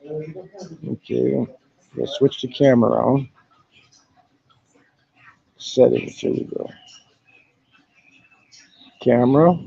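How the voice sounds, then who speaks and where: A man live-streams a casual walkaround of a hostel in Thailand, talking into his phone camera in a laid-back way, swearing often and repeatedly saying "man." His medium-pitched voice is slow, creaky, husky and dark, with frequent pauses and the highs cut off.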